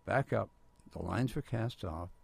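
An older man, a retired professor, telling lively anecdotes in a radio interview and acting out the voices of people he quotes. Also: on the low side, measured pace, creaky, husky, dry recording. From Southern California. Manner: animated storyteller, acts out quoted voices. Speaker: guest storyteller.

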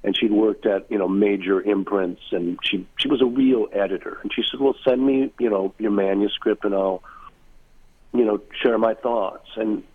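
A man's voice: lowish voice, fairly even intonation, normal speed, slightly rough. A man being interviewed about his book, speaking in a reflective, musing way with many asides over a remote line. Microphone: remote line from far away. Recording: tinny phone-like line.

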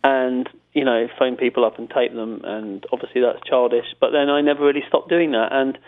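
A British comedy writer and prank caller chats casually in an interview, his mid-range voice fairly even in intonation and fairly quick. He tells rambling, self-amused stories with many restarts, and the audio has a tinny phone-line sound.

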